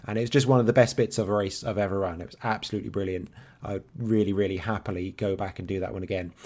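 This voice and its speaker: A man's voice: on the low side, fairly even intonation, fast talker, a little mellow. A man in his thirties, co-hosting a podcast in casual, rambling chat and swearing freely. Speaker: podcast co-host.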